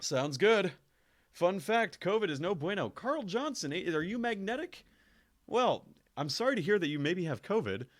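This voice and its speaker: A man's voice: high voice, sing-song, normal speed, no echo, clean studio sound. Chatty, joking male game streamer. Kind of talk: casual game stream commentary.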